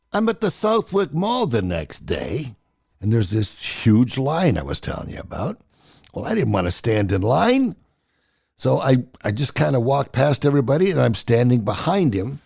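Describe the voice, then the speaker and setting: Gravelly older man telling stories. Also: mid-range voice. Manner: animated, chatty storyteller. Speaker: storyteller. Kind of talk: casual personal storytelling.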